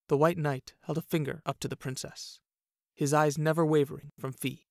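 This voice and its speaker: A man narrating a fantasy audiobook in a steady, even storytelling manner. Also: on the high side, normal speed, gravelly, no room sound, clean studio sound.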